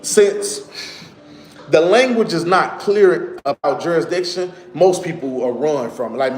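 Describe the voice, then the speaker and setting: A man with a fairly high voice talks casually, looping back over the same points as he explains them. He often turns to his listeners with direct asides. The room around him rings with noticeable echo. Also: a little mellow. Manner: conversational, repeats points, addresses viewers directly. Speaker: online commentator. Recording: echoey room.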